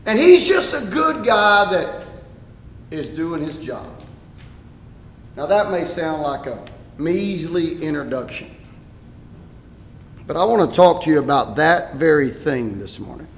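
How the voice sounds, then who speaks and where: A pastor telling a story in his sermon, animated and rising to shouts at times. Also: a little high, unhurried, pauses often, slight background noise. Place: church sanctuary. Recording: echoey church hall.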